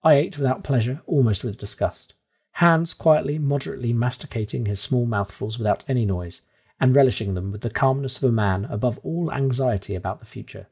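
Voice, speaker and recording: A man reading a classic novel aloud in calm, measured audiobook narration. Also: mid-range voice, breathy edge.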